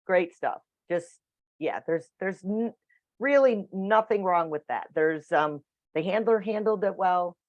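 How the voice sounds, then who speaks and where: A woman's voice: fairly low pitch, unhurried, darkish tone, dry recording. A woman teaching a dog training class over a video call, chatty and matter-of-fact. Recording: dull dry video call audio.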